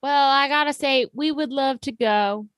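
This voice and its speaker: A woman improvising comedy scenes on a livestream, playful and deadpan. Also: high voice, normal speed, dry recording, clean studio sound. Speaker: improv performer and podcast host.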